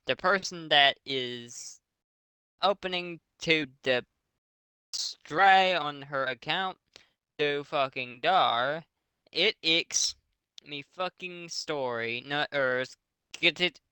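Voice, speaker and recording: A man's voice: a little high, bright, forceful tone, smooth, no echo. A man doing a mocking comedic reading of a bad fanfic aloud to friends, swearing often. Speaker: reader of a fanfic.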